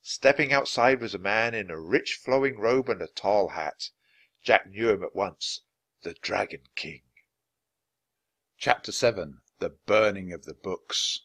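A man narrating a children's storybook aloud, expressive and switching voices for each character. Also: lowish voice, a little slow. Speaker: audiobook reader.

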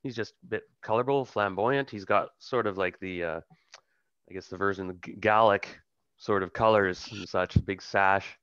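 A man's voice: lowish voice, moderate pace, a bit bright, clear, resonant tone, no echo, dull audio. Hesitant man running a tabletop game. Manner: rambling, hesitant narration with many fillers. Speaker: game master.

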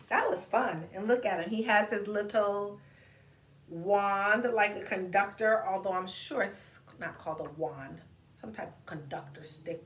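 A woman reading a picture book aloud to children, slowly spelling out words and inviting them to clap syllables with her. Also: mid-range voice, far from the mic. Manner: slow, encouraging, spells and claps words with kids. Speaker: storytime reader. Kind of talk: children's read-aloud lesson. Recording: echoey room with faint noise.

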